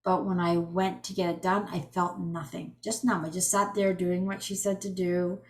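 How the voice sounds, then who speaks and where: A woman in her forties, an energy healing coach telling her personal story on a video call, chatty and animated with many restarts. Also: lowish voice, moderate pace.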